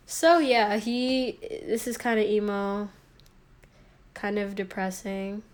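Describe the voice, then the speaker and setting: A young woman chatting idly to a live stream while she paints from a phone, rambling and joking at herself. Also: fairly high pitch. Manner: rambling, self-mocking, talks to herself.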